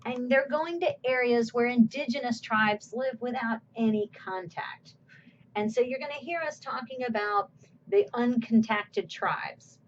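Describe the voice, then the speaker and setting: A woman's voice: on the high side, lo-fi sound, a little hiss or hum. A woman course instructor giving a recorded slide lecture in a conversational way, asking her own questions and answering them.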